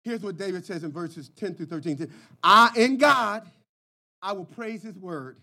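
A male pastor preaching an impassioned sermon, moving between shouted cries and hushed, quiet passages. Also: high-pitched, moderate pace, gravelly.

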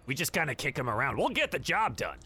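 A man's voice: mid-range voice, huge pitch swings, fast talker, bright, forceful tone, husky, full character voice. A man voicing a bossy male devil leader who mocks and bullies in a brash, casual way. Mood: dismissive.

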